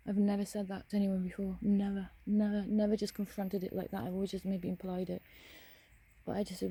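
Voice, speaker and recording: A woman's voice: mid-range voice, level tone, a little fast, dark tone, husky, no echo. A young woman ranting bluntly to camera, swearing often and speaking frankly. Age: young adult. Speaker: vlogger. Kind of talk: casual ranting monologue.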